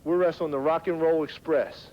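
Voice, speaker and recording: A man's voice: a little high, fairly even intonation, moderate pace. A man hosting a taunting wrestling promo in lo-fi TV sound. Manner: taunting, mocking. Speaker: wrestling talk segment host. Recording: lo-fi 1990s TV audio.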